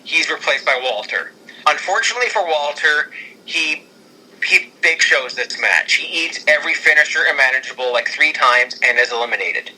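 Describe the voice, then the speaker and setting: Brief: man, casual podcast co-host, rambling, eager, very bright and fairly high voice. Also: moderate pace, breathy edge, rough recording. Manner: excitable and rambling, with frequent restarts. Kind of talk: casual podcast chat pitching storylines.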